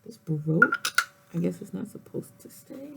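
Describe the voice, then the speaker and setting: A woman talks through an unboxing in an unhurried, casual way, dropping deadpan jokes as she goes. Her voice has a gravelly, fry-heavy texture. Loud background noise runs under the recording. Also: lowish voice. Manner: joking, deadpan asides. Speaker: vlogger.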